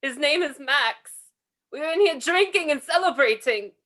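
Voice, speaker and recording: A woman's voice: sits high, expressive, moderate pace, fairly bright tone. A woman reading the part of a cornered young German sergeant in an amateur script reading, tense and suspicious. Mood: wary.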